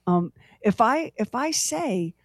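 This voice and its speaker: A woman's voice: a little high, very animated, slow pace, no echo, clean studio sound. A woman co-hosting a morning radio show, chatting and laughing often. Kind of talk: casual morning radio chat.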